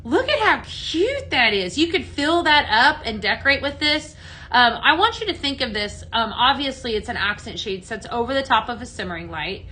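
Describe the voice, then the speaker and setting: A home fragrance consultant from the American Midwest hosts a live sale, demonstrating products in a chatty, enthusiastic way and greeting viewers by name. Her voice is a little high and sharp, with big pitch swings, at a normal speed.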